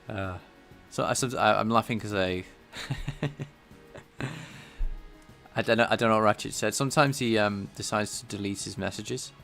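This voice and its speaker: A man's voice: lowish voice, steady tone, brisk, gravelly, hardly any pauses, a bit bright, faint music behind. A man live-streaming his programming work, thinking aloud in a casual, rambling way and chatting with viewers. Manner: rambling and self-deprecating, chatting with viewers between tasks.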